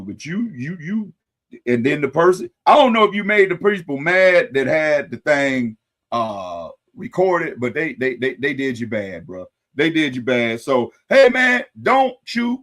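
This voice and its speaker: A man hosting a live-stream commentary show, talking casually to his viewers with animated delivery, folksy sayings and wry asides. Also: fairly high pitch. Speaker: host.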